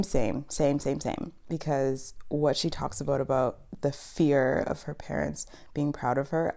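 Young woman from East Africa, podcast host doing a casual TV recap; warm, dark voice with a gravelly edge, animated and laughing. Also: low-pitched. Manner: talkative and animated, laughs often, frequent ums. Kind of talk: casual chatty TV recap monologue.

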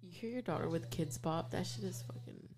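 A woman's voice: on the low side, fairly quick, music in the background. Teasing, profane woman co-host. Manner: teasing, profane, laughs a lot. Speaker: reaction video co-host. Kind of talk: casual chat.

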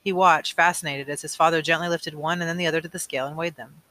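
Bright-voiced man reading a novel aloud. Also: on the high side, steady tone, quick pace. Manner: plain reading with small slips and self-corrections. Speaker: audiobook reader.

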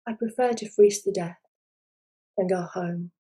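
A woman's voice: mid-range voice, unhurried, warm tone, husky. A woman voicing a poor young girl lost in the winter snow who stammers and weeps in a storybook tale. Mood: timid. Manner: stammering, tearful.

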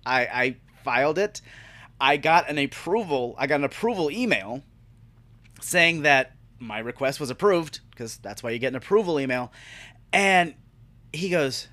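A man's voice: fairly high pitch, lively intonation, unhurried, sharp tone, no room sound. A man hosting a podcast, telling a long profane story with exasperation. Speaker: podcast host. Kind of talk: ranting solo monologue.

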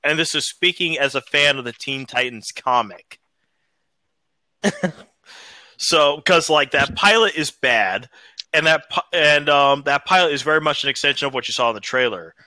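Bright-voiced tipsy man. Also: on the high side, normal speed, no room sound. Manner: wordy, hesitant, tangential. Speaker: podcast co-host. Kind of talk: casual chat.

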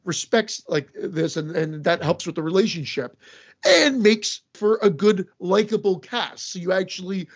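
Gravelly, husky man chatting about movies. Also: high-pitched, expressive, moderate pace, dull audio. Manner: rambling, restarts sentences. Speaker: podcast co-host. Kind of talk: casual movie chat.

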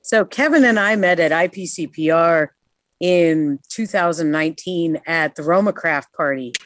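A woman's voice: lowish voice, normal speed, a bit bright, no room sound. A woman from New York, a guest on a talk show, telling casual stories bluntly and swearing freely. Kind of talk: casual storytelling chat.

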